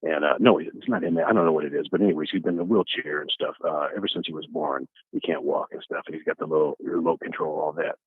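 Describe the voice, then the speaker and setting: A man's voice: extremely low pitch, fairly even intonation, fast, hardly any pauses, breathy edge, dry recording. A male caller on a call-in show, telling a story in a rambling, casual way over a tinny phone line.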